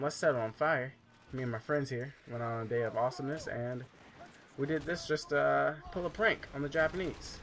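Male let's-play host, mid-pitched, rambling and jokey, faint hiss. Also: a bit bright. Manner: rambling, joking, loose with fillers. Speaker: gameplay commentator. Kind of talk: casual let's-play commentary.

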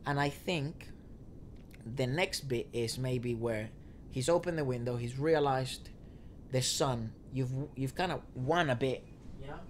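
A man's voice: mid-range voice, measured pace. A man co-hosting a casual music reaction chat, explaining his views at length with small restarts. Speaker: co-host. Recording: faint noise, audio trouble said.

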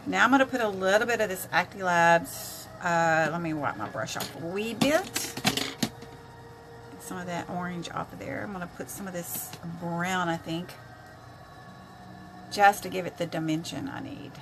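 A woman's voice: fairly low pitch, unhurried, background noise. An older woman chatting casually on a makeup live stream, greeting viewers by name as she works.

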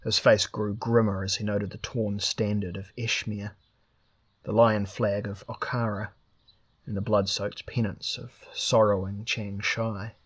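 A man reading a fantasy novel aloud as steady, scripted narration. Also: fairly low pitch, unhurried. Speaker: audiobook reader.

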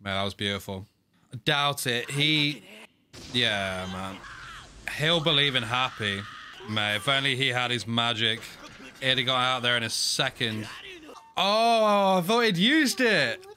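Young man, excitable reaction host, bright tone, slow delivery. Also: mid-range voice, a little hiss or hum. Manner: excitable, frequent laughter and "mate". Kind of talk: casual reaction commentary.

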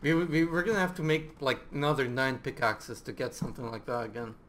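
A man's voice: medium pitch, steady tone, fairly quick, a bit bright, a little hiss or hum. A young man playing along in a casual game session, joking and laughing often. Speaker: co-player. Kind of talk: casual gaming chat.

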